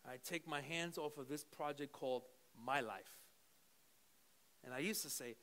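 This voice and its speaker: A man preaching a sermon to a church congregation, moving from quiet teaching into fervent prayer. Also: mid-range voice, normal speed. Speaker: pastor. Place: church service.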